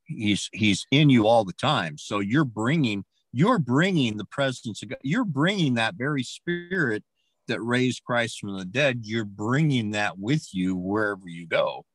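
A man's voice: mid-range voice, animated, measured pace, dry recording. A man hosting a conversational interview, responding in an affirming, preacherly way.

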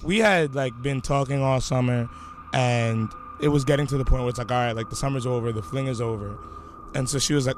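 A man's voice: mid-range voice, quick pace, a little hiss or hum. A young man in a casual chat, laughing often as he tells a candid story. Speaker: guest.

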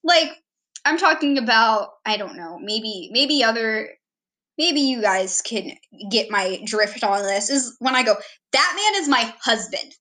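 Giggly young woman with a bright voice. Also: on the high side, expressive, unhurried. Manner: rambling, giggly, self-deprecating. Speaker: vlogger introducing herself. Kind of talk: casual self-introduction.

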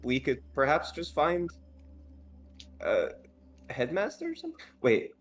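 A man's voice: a little high, huge pitch swings, measured pace. A man playing a tabletop game, thinking aloud with hesitant fillers. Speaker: player. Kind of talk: casual tabletop play.

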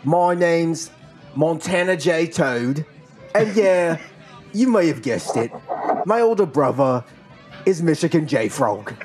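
A man voicing a gruff, cheeky British toad who wears a bowler hat. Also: on the high side, animated, takes it slowly, long pauses, darkish tone, faint music behind.

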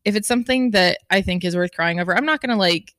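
A woman's voice: medium pitch, quick pace, a bit bright, no room sound, clean studio sound. A young woman in casual chat, rambling with lots of filler words and the odd swear.

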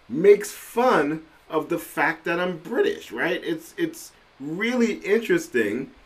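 Animated male podcast host from Trinidad. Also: fairly high pitch. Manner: animated, conversational, often laughing. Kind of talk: casual solo commentary. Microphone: podcast microphone.

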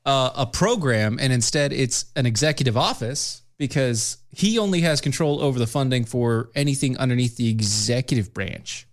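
A man co-hosting a casual political chat, joking, cutting in quickly and sometimes slipping into silly mock voices. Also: mid-range voice. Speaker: co-host.

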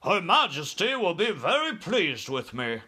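A pompous, boastful army general barks orders and brags about the honours coming his way, his voice bright and swinging widely in pitch. He is the bossy figure of a read-aloud storybook, put on by a man. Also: huge pitch swings, a little slow, slightly rough, full character voice. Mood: blustering. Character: pompous self-important male army general.

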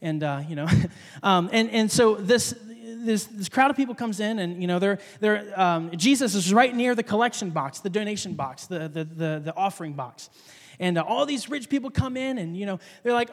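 A man's voice: sits high, normal speed, big-room sound. A man giving a casual, conversational sermon, often repeating words and acting out the people in his story. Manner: conversational, repeats words, acts out quoted voices. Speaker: preacher.

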